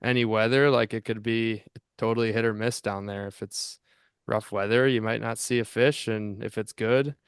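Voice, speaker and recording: Smooth low-voiced man telling stories. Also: steady tone, moderate pace, no echo, studio quality. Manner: rambling storyteller, restarts and fillers. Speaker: podcast co-host. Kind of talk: casual fishing podcast chat.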